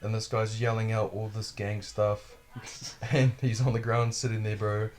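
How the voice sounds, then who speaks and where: Podcast host, man, lowish voice, loose, swearing storyteller who acts out the people in his story. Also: measured pace. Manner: profane, animated, acts out quotes. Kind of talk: casual storytelling.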